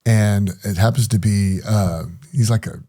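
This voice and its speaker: A man's voice: lowish voice, steady tone, measured pace, dark tone. A middle-aged man telling his story in an interview, hesitant, with many fillers and restarts. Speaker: guest.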